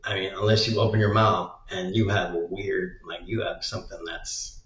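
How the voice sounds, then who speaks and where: Low slow guy rambling and cussing, roomy lo-fi audio. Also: steady tone, fairly bright tone. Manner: crude, meandering, swears often. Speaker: vlogger. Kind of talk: casual rambling monologue. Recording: roomy, dull lo-fi sound.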